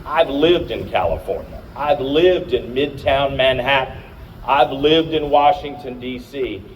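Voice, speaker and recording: A man's voice: medium pitch, unhurried, far from the mic, a little hiss or hum, low-quality recording. A middle-aged man from Virginia, a candidate and radio host, giving an emphatic speech to a crowd at an outdoor rally. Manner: emphatic, rousing, addresses the crowd.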